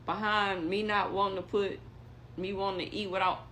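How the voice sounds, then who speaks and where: Animated young woman telling a story. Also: mid-range voice, normal speed, a little hiss or hum. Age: young adult. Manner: animated, acts out what others said. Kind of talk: casual storytelling.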